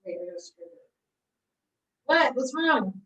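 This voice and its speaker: Woman, cooking class instructor, bubbly, encouraging, laughs a lot, slightly high voice, mic at a distance. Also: sing-song, unhurried, fairly bright tone. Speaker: recreation therapy cooking instructor. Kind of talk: live online cooking class.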